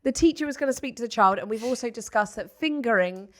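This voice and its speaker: Animated storytelling woman, slightly high voice. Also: quick pace. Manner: animated storytelling, acts out her son's lines softly. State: pregnant. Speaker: podcast host. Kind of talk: casual chat.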